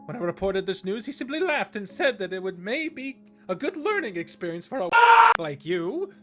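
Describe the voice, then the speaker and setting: A man voicing a shrill, furious middle-aged woman bishop scolding her daughter. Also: animated, a little slow, soft background music. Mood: snide. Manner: scolding, shouting.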